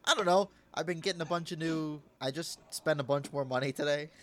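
A man's voice: fairly high pitch, brisk, a little hiss or hum. A young man co-hosting a podcast, teasing his co-host in dry, casual chat.

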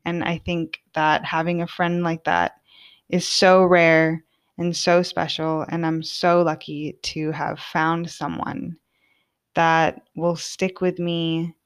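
Young female podcast host, slightly low voice, chatty and sincere monologue. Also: little pitch movement, slow, clean tone. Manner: casual, heartfelt, lots of "like". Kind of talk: personal monologue.

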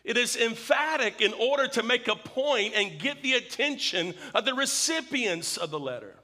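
A man's voice: extremely high pitch, expressive, moderate pace, bright, forceful tone. A male pastor giving an evening sermon and prayer, emphatic, repeating his questions for effect.

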